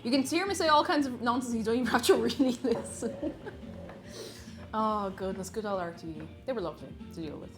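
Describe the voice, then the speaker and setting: A woman's voice: a little high, brisk, over music. A young Irish woman streaming from home, chatting casually and reading out viewer comments with frequent giggles and rambling asides.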